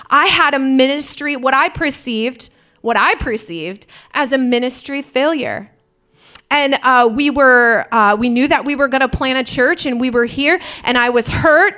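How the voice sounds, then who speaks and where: A woman's voice: high voice, sharp tone. A woman pastor preaching a sermon to her congregation, candid and impassioned, rising into fervent prayer.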